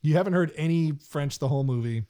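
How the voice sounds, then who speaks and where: A man's voice: on the high side, quick pace, dark tone, smooth. Rambling man chatting about a film. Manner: rambling, many restarts and fillers. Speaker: podcast host. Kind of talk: casual film discussion.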